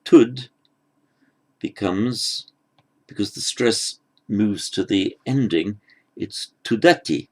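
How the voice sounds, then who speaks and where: A man teaching Sanskrit grammar in an unhurried lecture, patient and halting, often restarting his phrases. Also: on the low side, a little mellow.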